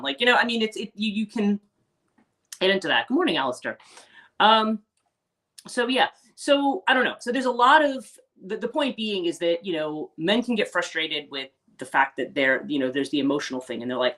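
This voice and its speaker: A woman's voice: fairly low pitch, animated, a little fast, a bit bright. Woman coach, casual rambling livestream chat, lots of restarts. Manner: rambling and chatty, many restarts, acts out quoted voices. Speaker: spiritual life coach hosting a livestream. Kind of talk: casual unscripted livestream talk.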